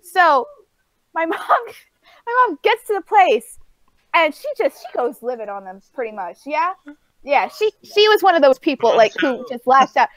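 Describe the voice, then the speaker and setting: A woman co-hosting a casual podcast chat, telling an animated story with laughs and acted-out quotes. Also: sits high, moderate pace, dry recording. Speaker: podcast co-host.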